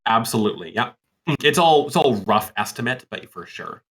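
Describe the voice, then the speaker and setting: A man narrating a tabletop game as game master over an online call, relaxed and rambling. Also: mid-range voice, moderate pace, breathy edge.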